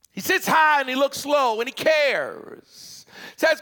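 A man preaching a sermon in a church, with rising shouts and chanted, repeated lines. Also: very high voice, expressive, takes it slowly. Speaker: pastor. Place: church sanctuary.

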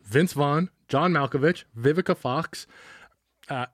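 A young man co-hosting a casual film review podcast, joking and enthusiastic with quick asides. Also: on the high side, no echo, clean studio sound. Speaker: podcast co-host.

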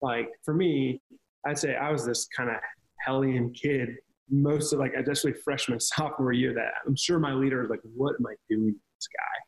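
A man's voice: mid-range voice, steady tone, normal speed, low-quality recording. A man talking casually on a podcast, telling earnest stories about ministry with frequent restarts. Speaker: ministry leader.

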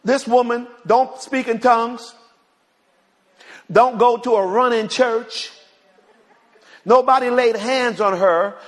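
A man's voice: extremely high pitch, big-room sound. A male pastor, preaching and retelling a conversation, repeating words as he addresses the congregation in a church. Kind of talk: sermon storytelling. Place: church sanctuary.

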